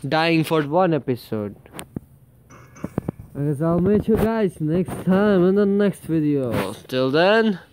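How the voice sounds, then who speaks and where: A man's voice: fairly high pitch, lively intonation, slow pace, a little mellow, slight background noise. A young man giving casual, profane gameplay commentary and talking to the characters on screen. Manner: swears a lot, talks to the game characters. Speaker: gaming channel host.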